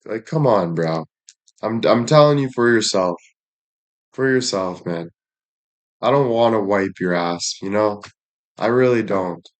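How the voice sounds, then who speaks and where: A man's voice: lowish voice, lively intonation, unhurried, long pauses. A young man ranting bluntly at his viewers with heavy swearing and repeated catchphrases. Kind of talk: profane rant to viewers.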